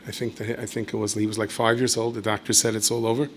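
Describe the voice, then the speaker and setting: A man, a rabbi, giving a storytelling Torah lecture in a conversational way with asides and self-corrections, and he jumps up in pitch and volume when acting out quotes. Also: quick pace, slight background noise. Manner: animated storyteller who leaps high and loud when acting out quoted speech.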